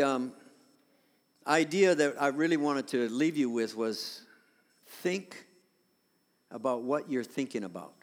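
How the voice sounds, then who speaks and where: A male pastor giving a sermon in a conversational way, his voice growing louder for emphasis. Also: mid-range voice, in a large hall.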